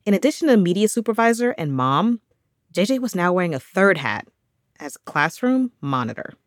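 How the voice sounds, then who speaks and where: A female podcast host with a lowish voice and lively intonation. She narrates from a script in a measured way, then answers her guest in a relaxed way, all in a dry studio sound. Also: no echo.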